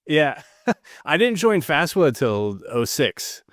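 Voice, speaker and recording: A man hosting a podcast over a video call, talking in a relaxed, easygoing way with plenty of fillers. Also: fairly high pitch, slow, no echo, clean studio sound. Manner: relaxed, laid-back, filler-heavy. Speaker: podcast host. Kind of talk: casual interview chat.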